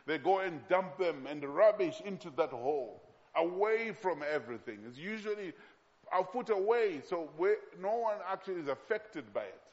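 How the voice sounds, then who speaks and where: Emphatic preacher in a reverberant hall. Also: male voice, high-pitched, expressive. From Zambia. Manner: emphatic, repeats key phrases slowly. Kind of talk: sermon. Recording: long hall reverb, dull sound.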